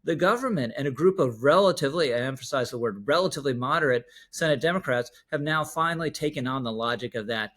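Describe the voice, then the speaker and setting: A man's voice: mid-range voice, quick pace, few pauses, fairly bright tone. A man delivering political opinion commentary in a wry, emphatic way.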